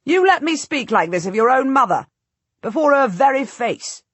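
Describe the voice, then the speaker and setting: A woman's voice: medium pitch, fairly quick, no room sound, voice pushed up, close to an everyday voice. A woman reading an audiobook voices a young nobleman who spits contempt, his voice cracking with rage. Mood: enraged. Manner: shouting, spitting contempt. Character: angry young nobleman, sharp-tongued. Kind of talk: audiobook narration.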